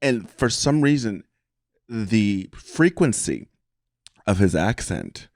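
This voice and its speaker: A man's voice: on the low side, slow, no echo, clean studio sound. A man co-hosting a podcast, telling stories in casual chat and acting out other people's voices. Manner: animated storyteller, acts out voices. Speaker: podcast co-host.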